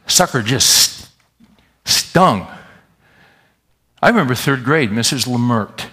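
A man preaching a sermon in a folksy, animated way, talking straight to his congregation. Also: mid-range voice, takes it slowly, breathy edge. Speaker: pastor.

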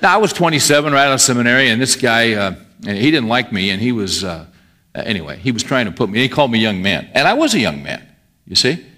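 A man's voice: mid-range voice, big pitch swings, quick pace, sharp tone. A middle-aged male pastor preaching a sermon in a conversational way, often asking his listeners questions. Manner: conversational, asks the congregation questions.

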